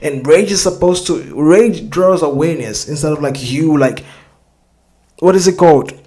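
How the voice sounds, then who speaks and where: A man's voice: on the high side, normal speed, mellow. A man hosting a reaction video, talking casually and rambling, swearing a lot and often searching for words.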